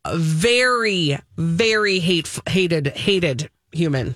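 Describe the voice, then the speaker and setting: A woman co-hosting a morning radio show, chatting casually with animated, teasing build-ups and lots of fillers. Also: on the low side, slow, no echo. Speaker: radio co-host.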